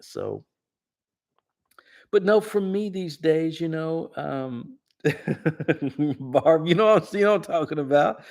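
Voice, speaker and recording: A man's voice: on the high side, slow, creaky, pauses often, a little mellow. A man, a singer-songwriter host telling rambling, laid-back stories in his living room and putting on friends' voices. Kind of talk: casual storytelling chat.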